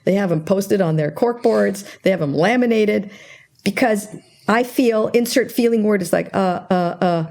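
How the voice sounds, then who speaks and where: Older lady explaining stuff in an interview, gravelly low warm tone, acts out the back-and-forth. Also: normal speed. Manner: animated storyteller, acts out quoted dialogue. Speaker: guest expert on interpersonal skills.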